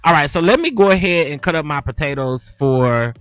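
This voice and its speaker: A man cooking on camera and talking casually, chatty and lively, with a steady stream of "child" and "honey.". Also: a little high, fairly quick, smooth, no echo, faint music behind. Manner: animated, chatty, keeps saying child and honey. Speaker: cooking vlogger. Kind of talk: casual cooking and gossip chat.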